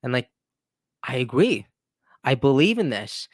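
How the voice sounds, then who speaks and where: This political commentary host has a mid-range, sing-song voice and takes an unhurried pace in his own video. Conversational in style, he restarts repeatedly and drops in emphatic rhetorical asides, recorded with clean studio sound and no room sound.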